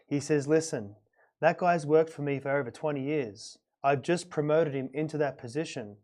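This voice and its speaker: A man's voice: fairly high pitch, normal speed. Rambling storytelling man. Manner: rambling, repeats words, warm anecdotal. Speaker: podcast host. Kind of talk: casual storytelling chat.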